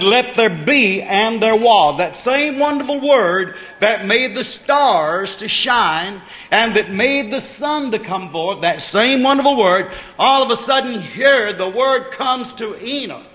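High-voiced preacher in an echoing hall. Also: male voice, sharp tone. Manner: preaching with rising emphasis and repetition; calls out to the congregation. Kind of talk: sermon. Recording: reverberant hall.

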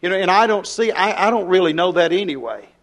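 A man preaching a fiery revival sermon. He acts out dialogue in his sermon and drops to a hush at times. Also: high voice, animated, fast.

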